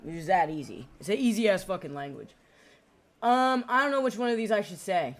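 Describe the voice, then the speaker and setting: A woman's voice: mid-range voice, big pitch swings, fairly quick. A woman streamer chatting casually and profanely with her viewers while gaming, rambling and laughing.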